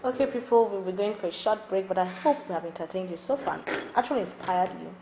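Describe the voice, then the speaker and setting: A woman's voice: mid-range voice, animated, fast talker, background noise. Woman hosting a talk show. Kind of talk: interview hosting. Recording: echoey studio room.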